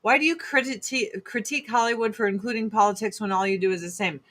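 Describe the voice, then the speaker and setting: A woman ranting in casual talk, blunt and profane, speaking in fast emphatic bursts. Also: medium pitch, fairly bright tone. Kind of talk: casual opinion rant.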